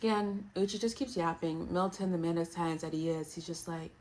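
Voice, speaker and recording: A woman recapping a reality show in a casual, animated, playful way. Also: fairly low pitch, fairly quick. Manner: animated, playful, quotes others in put-on voices.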